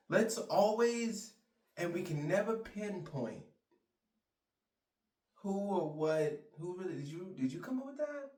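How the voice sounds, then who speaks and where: A man ranting in a heated, profane, rambling monologue, recorded in a roomy space from a distance. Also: mid-range voice. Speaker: vlogger. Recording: roomy sound, mic far off.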